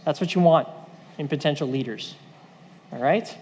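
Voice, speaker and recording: A man's voice: a little high, moderate pace, darkish tone, slightly rough, long reverb tail. A man leading a church leadership training, talking conversationally and acting out quoted voices.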